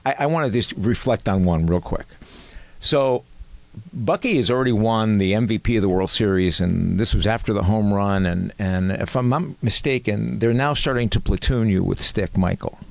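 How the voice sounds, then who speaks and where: A man with a low voice hosts a casual interview and keeps prompting his guest. He retells a shared memory to tee up the next question. The recording is dry and close, with no room echo. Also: normal speed, vocal fry. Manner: chatty, leading questions, sets up stories for the guest. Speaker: interview host.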